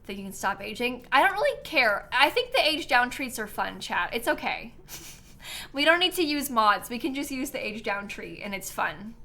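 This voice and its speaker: A woman's voice: a little high, very animated, normal speed, pushed and bright. A young woman streaming a game live, chatting casually with her chat, reading donations and laughing at herself often. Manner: chatty, self-mocking, laughs often, reads donations aloud.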